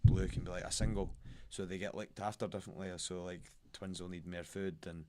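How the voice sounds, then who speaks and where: A man's voice: low-pitched, steady tone, a little fast, mellow. A young Scottish man, a fighter, chatting casually as a podcast guest and telling rambling stories in broad colloquial speech. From Scotland.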